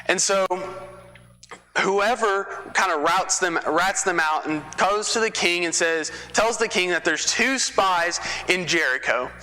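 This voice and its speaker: A man's voice: high voice, a little slow, bright, forceful tone. A man from Texas preaching a sermon in a church, telling the story in a conversational way with folksy asides. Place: church sanctuary. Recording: long reverb of a church hall.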